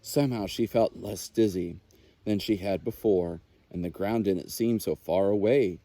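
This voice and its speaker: A man, a naturalist, reading a children's picture book aloud with expressive, unhurried storytelling. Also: fairly low pitch, dry recording.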